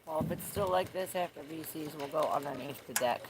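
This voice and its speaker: This is a noisy outdoor clip recorded in the rain, where a woman with a low voice talks a little fast. She's giving a casual, meandering tarot reading, searching for words and swearing offhandedly.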